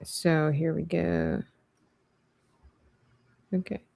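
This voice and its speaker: A woman's voice: low-pitched, fairly even intonation, extremely slow, vocal fry, darkish tone, no echo. A woman hosting a live drawing stream, chatting playfully and thinking aloud as she works. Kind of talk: casual chat while drawing.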